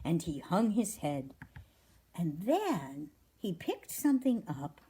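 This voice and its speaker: A woman host of an animal rescue livestream, telling a children's story aloud. Her voice is soft and breathy, and her pitch moves expressively. She speaks at an unhurried pace. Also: very animated.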